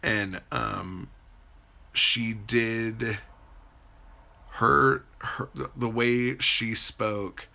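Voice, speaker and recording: A man's voice: lowish voice, vocal fry, sharp tone. A man hosting a livestream, rambling casually as he answers viewers' chat and swears freely. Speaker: livestream host.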